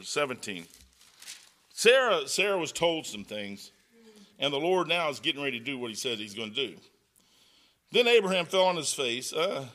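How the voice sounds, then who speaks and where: Bright-voiced rambling man preaching. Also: on the high side. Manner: rambling, folksy, with fillers; reads scripture aloud in old-style wording. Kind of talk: sermon with personal stories.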